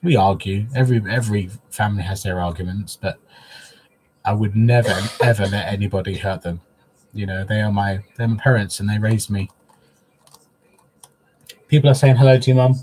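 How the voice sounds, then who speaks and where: Fairly quick and fairly even in intonation, this man's low-leaning, darkish voice comes with a little hiss or hum. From his living room, he hosts a casual craft livestream, chatting with viewers in an openly emotional, soppy manner.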